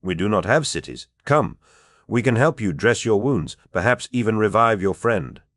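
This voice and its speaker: A man reading an audiobook voices a calm stranger from a strange land, speaking airily in a peculiar foreign accent and lifting his voice above his narration. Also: fairly low pitch, moderate pace, no room sound, studio quality, voice pushed up. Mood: airy, assured. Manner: airy, calm.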